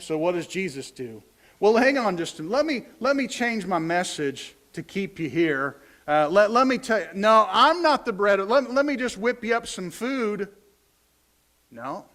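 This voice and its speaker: High-voiced man preaching a lively sermon. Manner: conversational, animated storytelling with playful asides. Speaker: pastor.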